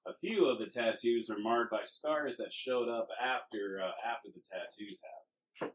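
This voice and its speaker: A man's voice: mid-range voice, normal speed, poor audio. Guy running a tabletop game, descriptive narration, laid back with lots of uh's. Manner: descriptive narration with frequent uh fillers and restarts, laughs easily. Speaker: game master.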